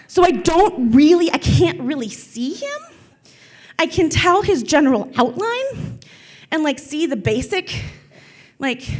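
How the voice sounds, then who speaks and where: Young woman storyteller, high voice, chatty and loose, lots of filler. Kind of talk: live storytelling.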